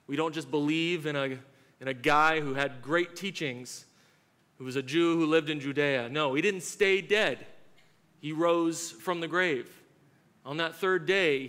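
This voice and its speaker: A man presenting the gospel fervently to a church gathering, building in excitement. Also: fairly high pitch. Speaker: panel speaker.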